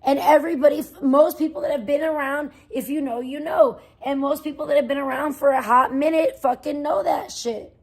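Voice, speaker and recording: A woman livestreaming, ranting in a profane, defensive way that swings between muttering and loud outbursts. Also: high-pitched, steady tone, brisk, hardly any pauses. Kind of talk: casual livestream rant.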